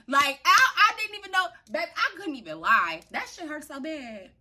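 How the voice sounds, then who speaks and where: A woman's voice: sits high, big pitch swings, normal speed, bright, forceful tone, slight background noise. A young adult woman telling a story on her vlog in a loose, slangy way, laughing often. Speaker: vlogger.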